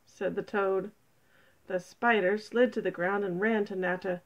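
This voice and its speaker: A woman reading a children's picture book aloud in a gentle, expressive, unhurried way. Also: mid-range voice, dull audio. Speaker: storybook reader.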